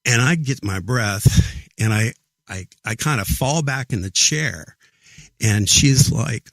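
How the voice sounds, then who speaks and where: A middle-aged man tells his story as a guest in a casual interview. He talks earnestly and haltingly, stumbling over and repeating his words. His pitch is ordinary, and the sound is close and completely dry with no room echo. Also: animated. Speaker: podcast guest.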